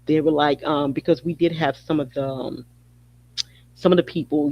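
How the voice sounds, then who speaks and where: A man's voice: a little high, fairly even intonation, fairly quick, highs cut off. A man hosting a podcast, delivering a heated, repetitive rant. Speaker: podcast host. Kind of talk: angry monologue.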